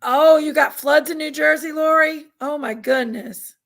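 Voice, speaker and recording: A woman's voice: high voice, a little slow, vocal fry, fairly bright tone. A woman hosting a casual live stream, chatting with viewers in an effusive, rambling way. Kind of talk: casual live chat reading comments.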